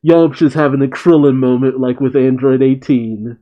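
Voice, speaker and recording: A man's voice: medium pitch, fairly even intonation, normal speed, highs cut off. A man casually reading a comic chapter aloud and musing over it in chatty, puzzled asides. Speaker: manga reaction host.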